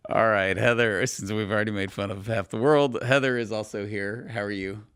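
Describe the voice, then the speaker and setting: Here the young podcast host from Texas has a lowish, steady voice that's smooth and fairly bright. Laid-back and playful, he ribs his co-hosts, cracks jokes and is quick to laugh.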